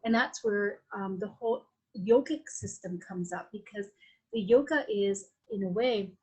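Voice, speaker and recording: A Vedic astrologer appears as a guest on a podcast interview, a woman with a Latin American Spanish accent whose voice sits at medium pitch with a measured pace, a little mellow and slightly rough. She talks in a flowing, reflective way, full of restarts and fillers. The audio quality is poor.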